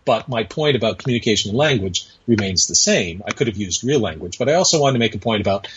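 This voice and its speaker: A man's voice: on the low side, lively intonation, quick pace, a bit bright, slight background noise. A man chatting as a podcast guest, telling a long anecdote in a rambling way with many hesitations, on dull lo-fi audio. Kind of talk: casual storytelling conversation.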